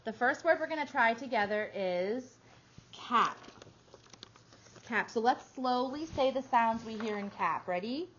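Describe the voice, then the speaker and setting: A woman teaching a small phonics group, stretching out each sound slowly and praising the children often. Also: fairly high pitch, animated, fairly bright tone. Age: adult. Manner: slow, drawn-out sounding out of words with encouraging praise. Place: classroom. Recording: dull lo-fi classroom recording with faint noise.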